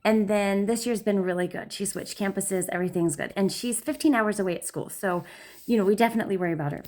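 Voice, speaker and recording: A middle-aged woman, a mother, telling a casual family story in a chatty, animated way, acting out her daughter's lines in a high voice. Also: quick pace.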